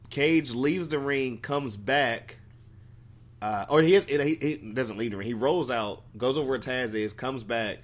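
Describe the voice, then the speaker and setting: Rambling, profane casual man. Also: mid-range voice. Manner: rambling, profane, laughs often. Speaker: podcast co-host. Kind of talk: casual chat recapping wrestling.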